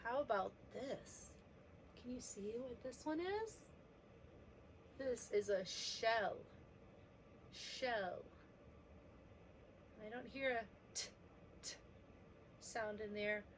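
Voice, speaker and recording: A woman leads a preschool letter lesson, speaking slowly and gently as she sounds out each letter. Her voice sits a little high. A faint hiss runs under the recording. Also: lively intonation. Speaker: children's teacher.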